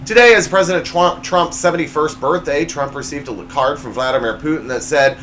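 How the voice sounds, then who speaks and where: A man's voice: a little fast, hardly any pauses, noisy background. A man hosting his own comedy show, reading joke punchlines with playful swings in his voice. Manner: jokey, reads punchlines with big pitch swings. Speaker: show host. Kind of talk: comedy monologue.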